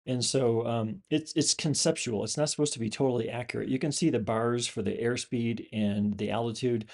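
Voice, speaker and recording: A man's voice: mid-range voice, fairly even intonation, normal speed, vocal fry, darkish tone. A man, a host and former pilot, explaining a screen display in a loose, rambling way with many fillers and restarts. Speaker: channel host, former pilot and flight instructor.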